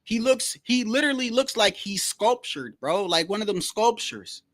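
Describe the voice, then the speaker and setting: A man hosting a casual livestream, rambling in a slangy, animated way and repeating himself as he tells stories. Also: high voice, normal speed, no echo. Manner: slangy, rambling, keeps saying "bro". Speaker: livestream host. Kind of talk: casual livestream boxing chat.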